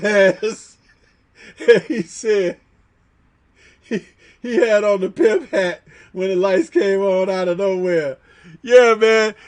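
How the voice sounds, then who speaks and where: A man hosting a livestream, reading chat aloud and reminiscing in slangy casual talk, laughing often. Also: high-pitched.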